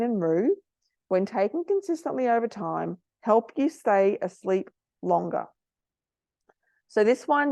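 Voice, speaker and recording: A middle-aged woman host talking earnestly to parents, sometimes moved to emotion, giving gentle advice. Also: medium pitch, gravelly, no echo. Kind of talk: casual product talk to parents.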